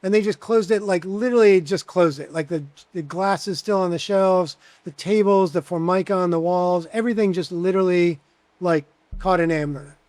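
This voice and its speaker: A man of about sixty talks in a high, bright register as an interview guest. He rambles through lively anecdotes, peppered with casual fillers. The sound is dry, with no room echo. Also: normal speed. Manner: chatty, animated anecdotes with many fillers. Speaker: bartender guest.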